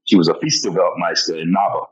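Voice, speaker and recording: A low-voiced man talks fast with a fairly even intonation, guesting on a podcast interview where he tells animated stories. He acts out other people's lines and chuckles often, and the podcast audio sounds dull and lo-fi.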